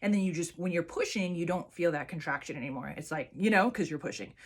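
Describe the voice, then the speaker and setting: A woman's voice: on the low side, quick pace, breathy edge. A woman vlogger chatting casually to camera and telling a personal story with lots of fillers and restarts.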